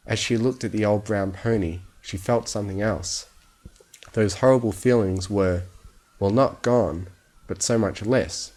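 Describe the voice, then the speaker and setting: A fan fiction reader with a somewhat low voice reads a story aloud at normal speed to help listeners sleep. He keeps his delivery calm and steady, meant to lull people to rest.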